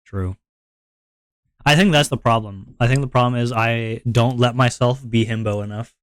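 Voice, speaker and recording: A young man chatting casually on a live stream, halting and self-deprecating, often restarting and trailing off. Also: mid-range voice, fairly bright tone, clean tone, no room sound.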